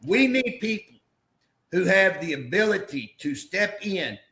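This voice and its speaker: A man's voice: high-pitched, big pitch swings, a little slow, sharp tone, reverberant. A man speaking as a guest on a political talk show, rallying listeners in a fiery, folksy, preacher-like way. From southeast Oklahoma. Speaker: state representative guest.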